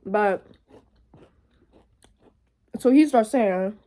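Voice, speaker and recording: Her voice is mid-range. She's a young vlogger telling a story casually and animatedly, peppering it with profanity and fast asides to viewers.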